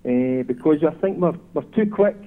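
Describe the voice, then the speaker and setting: A man's voice: on the high side, animated, normal speed. A Scottish man in middle age phones in to a radio talk show. He recounts old memories in a reflective, conversational way, and his voice comes through a thin, tinny phone line. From Scotland. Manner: reflective storyteller. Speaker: caller, former footballer. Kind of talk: casual chat.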